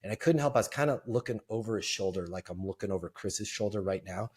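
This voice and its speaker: A middle-aged man and sales trainer telling a lively, self-deprecating story as a guest in an interview. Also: on the low side, fast talker, slightly rough.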